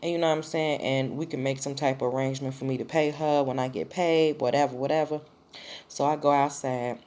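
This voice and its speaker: A woman's voice: extremely low pitch, steady tone, fairly quick, darkish tone. A woman vlogger telling a personal story in a blunt, profane, casual way.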